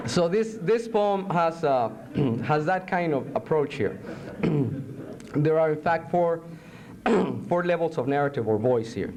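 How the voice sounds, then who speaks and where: A male poet reads his work aloud before a live college audience. His voice sits high and animated, dropping lower for the verse and mixing in Spanish words. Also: slow, pauses often. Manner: animated, switches between English and Spanish. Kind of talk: live poetry reading.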